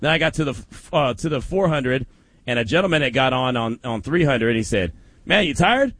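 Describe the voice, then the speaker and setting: A man's voice: medium pitch, brisk, fairly bright tone, dry recording. A male radio host telling a story in casual chat, a little out of breath and laughing often as he talks.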